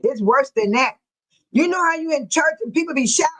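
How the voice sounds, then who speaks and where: Picture an older woman hosting her own livestream, chatting with her viewers as if they were old friends. Her voice sits high and light, and she breaks into laughter as her stories run along. She talks to people by name and keeps it loose and unscripted. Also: lively intonation, a little fast, low-quality recording. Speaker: livestream host. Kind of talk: casual chat to viewers.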